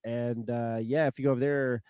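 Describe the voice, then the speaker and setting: A man co-hosting a podcast who chats in a laid-back, halting way. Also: medium pitch, steady tone, mellow, smooth, no room sound. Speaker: podcast co-host. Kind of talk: casual chat.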